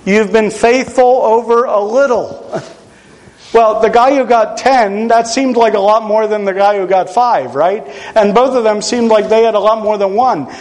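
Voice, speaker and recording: A man from Pennsylvania delivers a sermon in a relaxed, conversational tone. His voice sits high for a man. He drops in dry jokes at his own expense as he teaches. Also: normal speed, few pauses, rough recording. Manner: conversational, self-deprecating humor. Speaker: preacher.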